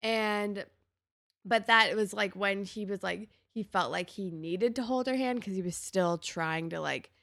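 Gravelly-voiced woman recapping a TV episode. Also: measured pace, dry recording, studio quality. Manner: animated, acts out characters' lines with big pitch jumps. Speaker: podcast co-host. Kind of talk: casual episode recap chat.

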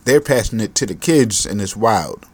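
A man's voice: on the low side, lively intonation, moderate pace, a little mellow, slightly rough, dry recording. A man hosting his own podcast, ranting on his own in a profane, exasperated, rambling way; he is a parent. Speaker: podcast host. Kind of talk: solo podcast rant.

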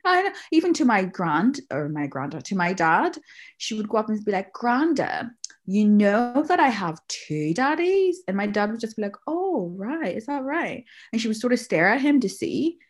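A woman's voice: medium pitch, very animated, normal speed. A woman, a mother casually telling a story about her daughter and acting out the quotes, laughing often. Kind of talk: casual chat.

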